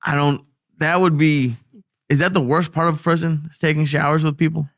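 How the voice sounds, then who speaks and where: A young man as co-host in a casual chat, talking in halting, "like"-filled bursts and laughing often. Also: fairly high pitch, fairly even intonation, no room sound, clean studio sound.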